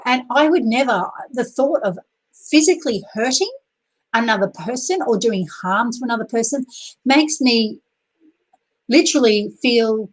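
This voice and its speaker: A woman's voice: mid-range voice, rough recording. An Australian woman chatting on a live video, rambling with many fillers and restarts and greeting viewers by name. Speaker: YouTuber hosting a live video. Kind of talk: casual live-stream chat.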